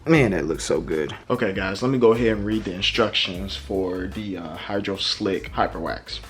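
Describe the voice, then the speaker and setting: A young man hosting a casual car-care vlog, chatting in a relaxed, informal way with slang. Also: low voice, normal speed, slight background noise. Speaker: car detailing vlogger. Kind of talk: casual product review vlog.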